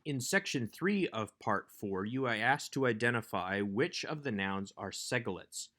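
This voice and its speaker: A man giving a recorded workbook lesson as a Hebrew instructor, explaining grammar in a measured way. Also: mid-range voice, lively intonation, fairly bright tone.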